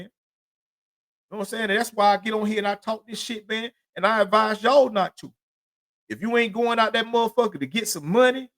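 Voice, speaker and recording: A man's voice: very high-pitched, a bit bright. A man hosting his own show, telling his life story in a casual, profane, streetwise monologue. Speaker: podcast host.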